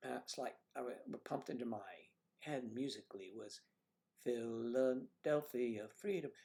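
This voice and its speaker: Rambling gravelly man hosting a livestream. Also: mid-range voice. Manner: rambling, chatty storytelling. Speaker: livestream host. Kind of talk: casual livestream chat.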